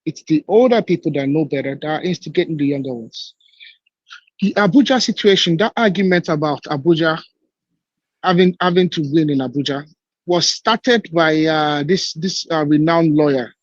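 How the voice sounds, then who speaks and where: A man calling into a live debate, emphatic and repeating his points, sometimes halting over words. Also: fairly high pitch, no echo, highs cut off.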